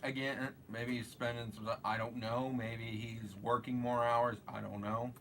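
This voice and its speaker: A man's voice: mid-range voice, level tone, measured pace, fairly bright tone, slight background noise. A man hosting a live show, chatting casually and hesitantly, trailing off and restarting his sentences. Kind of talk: casual rambling commentary.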